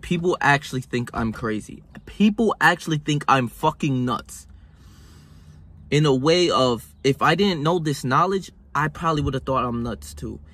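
A man's voice: fairly high pitch, fairly bright tone, husky. A young man in a casual motivational vlog monologue, talking in a slangy, swearing way with lots of restarts and fillers. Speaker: vlogger. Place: hot room.

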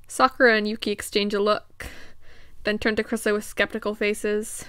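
A woman's voice: mid-range voice, flat delivery, moderate pace, fairly bright tone, clean tone, dry recording, clean studio sound. A woman streamer reading a visual novel aloud in a crude, joking, casual way.

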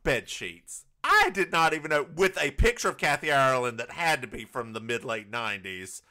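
A man's voice: medium pitch, animated, moderate pace, bright, forceful tone. A man with a Southern US accent co-hosting a comedy podcast, teasing and joking with frequent stammered restarts. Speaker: podcast co-host. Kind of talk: casual comedic chat.

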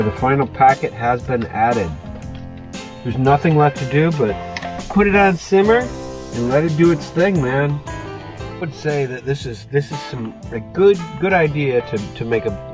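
A man vlogging while cooking in a small motorhome kitchen, talking in a laid-back, folksy way to his viewers. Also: lowish voice. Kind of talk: casual chat to camera. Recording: guitar music playing underneath. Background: guitar music.

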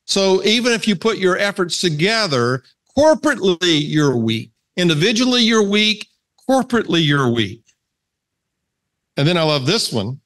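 Speaking in a high-ish, sing-song voice at normal speed with a bit of brightness, this Southern-accented man teaches a men's Bible study. He keeps it casual and conversational, asking the group questions and reading passages of scripture aloud.

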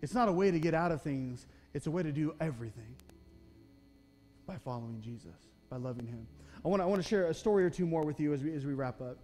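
A man's voice: fairly high pitch, animated, quick pace, a little mellow, a little hiss or hum. A young man preaching a sermon in a church, conversational and self-deprecating, often checking in with "okay?". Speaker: pastor. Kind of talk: sermon with personal storytelling. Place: church sanctuary.

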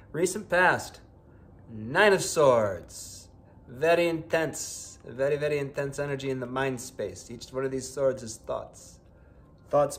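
Chatty man reading tarot cards. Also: mid-range voice. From Buffalo, New York, United States. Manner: chatty, playful, exclamatory asides. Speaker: tarot reader.

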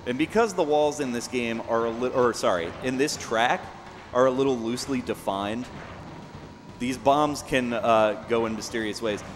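A young man casually explaining his own speedrun as he plays, relaxed and full of fillers. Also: medium pitch, normal speed. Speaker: speedrunner commentating his run. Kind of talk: casual live commentary. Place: event venue. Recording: long hall reverb, faint background noise.

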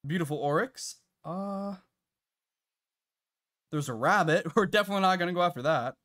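A man streaming a hunting game live, chatting to viewers and reacting out loud to what happens on screen. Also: high voice, normal speed. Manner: chatty, reacts loudly with laughs and gasps. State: out of breath at times. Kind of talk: live gameplay commentary.

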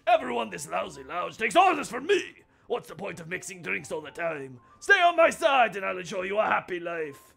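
A man voicing a jealous, pompous male bar customer in a game with a put-on accent, haughty and quick to flare up. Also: high-pitched, big pitch swings, pushed and bright, soft background music, pitched above the performer's own voice, full character voice. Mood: smug, wheedling. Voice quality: gravelly, breathy put-on accent.

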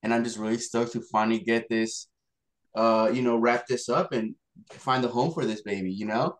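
A man's voice: mid-range voice, steady tone, normal speed. A man, the film's motion graphics artist, talking in a laid-back, enthusiastic way on a video call. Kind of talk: casual video call chat.

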